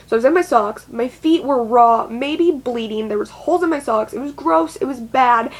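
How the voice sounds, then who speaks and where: Young woman w a high voice, rambly and sweary, just chatting to camera. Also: normal speed, low-quality recording. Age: young adult. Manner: rambling, swears a lot, frequent "like" fillers. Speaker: vlogger. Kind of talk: casual personal storytelling.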